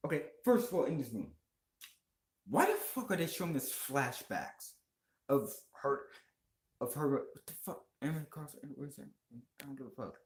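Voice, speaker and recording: A vlogger giving a heated, profane movie rant and talking straight to viewers, voice jumping higher when worked up. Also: big pitch swings, moderate pace, roomy sound. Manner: heated, swearing, pitch jumps up when worked up; talks to viewers and chat directly. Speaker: video blogger.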